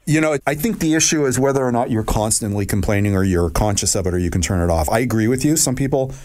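Lively, joking male show host. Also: lowish voice, fast talker. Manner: jokey, self-mocking banter. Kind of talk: casual interview chat.

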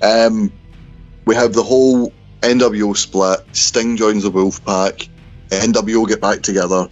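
A man co-hosting a casual wrestling podcast, recapping events in a wry, storytelling way. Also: fairly low pitch. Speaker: podcast co-host. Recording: dull, lo-fi remote call.

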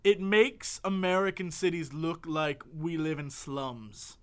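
A man's voice: a little high, slow pace, fairly bright tone, clear, resonant tone. A man co-hosting a casual podcast, riffing with jokes and silly bits. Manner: jokey, riffs with silly bits and put-on voices. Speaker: podcast co-host. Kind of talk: casual chat.

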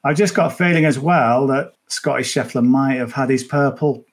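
This is a man talking through his golf betting picks in a loose, chatty way. His voice sits at an ordinary middle pitch, and he rambles and circles back on himself as he goes. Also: moderate pace. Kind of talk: casual podcast chat.

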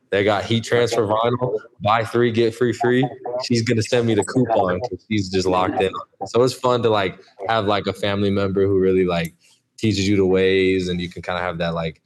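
A man in his twenties, a podcast guest, chatting in a relaxed way and often saying "like". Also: low-pitched, a little fast. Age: 20s. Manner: relaxed, lots of "like" fillers. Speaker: podcast guest, college athlete. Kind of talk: casual interview chat.

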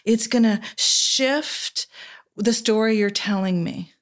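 Speaking slowly with a medium-pitched voice, a woman therapist guests on a relaxed podcast chat. Her tone is reflective, and she frequently checks in by saying "right?"

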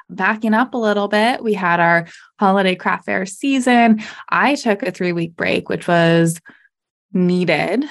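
A woman's voice: mid-range voice, a little slow, creaky, a bit bright. A young adult woman hosting a solo podcast, talking casually and candidly, laughing often and filling with "like" and "you know". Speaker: podcast host.

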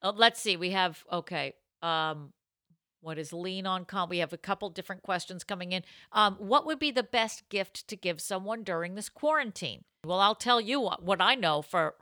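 A woman's voice: fairly low pitch, bright, forceful tone, dry recording, clean studio sound. A woman co-hosting a live podcast in casual chat, giggling often as she reads listener comments aloud. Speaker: podcast co-host. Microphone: podcast mic.

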